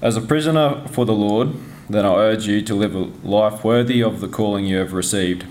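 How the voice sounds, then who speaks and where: A man reading a scripture passage aloud in a measured cadence to a congregation. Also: fairly low pitch, a little mellow. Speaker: scripture reader.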